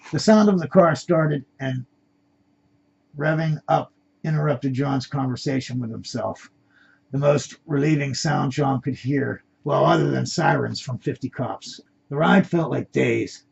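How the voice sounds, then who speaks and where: Amateur male reader narrating his own story; plain delivery, stumbling restarts, husky voice, dull lo-fi sound. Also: medium pitch, unhurried, a little mellow.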